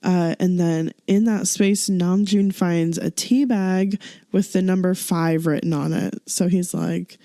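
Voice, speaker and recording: A woman's voice: lowish voice, fairly even intonation, a little slow, dark tone, dry recording, clean studio sound. A woman co-hosting a podcast, chattily recapping a variety show episode, giggling and acting out quotes. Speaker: podcast co-host.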